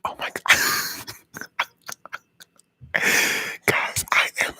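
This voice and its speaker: A man's voice: drawn-out words, bright, forceful tone, no room sound, rough recording. A man hosting a casual live stream, whispering to his viewers and giggling at himself. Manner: whispering and giggling, self-mocking.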